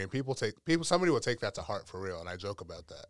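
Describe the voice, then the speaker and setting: Young dude guest on a podcast, chill and jokey, lowish voice, dry mic. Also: male voice, expressive, fast, dry recording. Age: young adult. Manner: laid-back, joking. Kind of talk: casual podcast chat. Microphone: podcast microphone.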